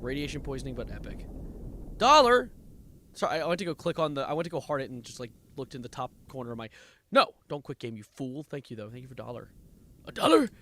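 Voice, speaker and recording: A man's voice: mid-range voice, quick pace. A man streaming a game live, nervously muttering coordinates, reading chat and breaking into sudden exclamations. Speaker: livestreamer playing a game.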